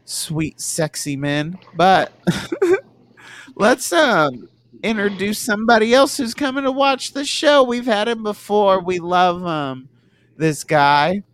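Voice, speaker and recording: A man's voice: high voice, a bit bright, slight background noise. A man hosting a podcast, telling a rambling story in casual chat and laughing often. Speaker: podcast host.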